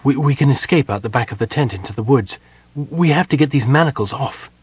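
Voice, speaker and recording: A man's voice: medium pitch, expressive, a little fast, breathy edge, dry recording, voice pushed up. A man voicing an anxious, devoted young soldier who speaks urgently with a trembling voice.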